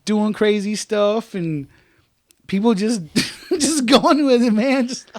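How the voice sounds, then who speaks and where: A man co-hosting a casual podcast chat, laid-back and full of "man" and "dude", who acts out other people's lines in loud, high voices. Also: slow, dry recording, studio quality. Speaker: podcast co-host.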